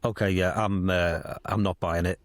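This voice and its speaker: A man's voice: sits low, fairly even intonation, normal speed, dry recording, studio quality. A man appearing as a guest on a podcast, polite and dryly humorous. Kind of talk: casual podcast chat.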